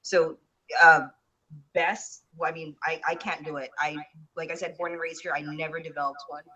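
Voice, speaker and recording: A woman from Hawaii chatting as a guest author, animated and quick to poke fun at herself. Her voice is fairly low but bright and sharp-edged. She sounds set back from the mic. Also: recorded from a distance. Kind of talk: casual interview chat.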